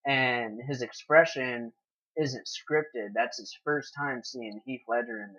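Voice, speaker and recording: Easygoing male co-host, husky and bright, lo-fi audio. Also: mid-range voice. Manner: easygoing, agrees a lot, drawn-out phrasing. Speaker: podcast co-host. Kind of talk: casual chat about films. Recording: dull lo-fi sound.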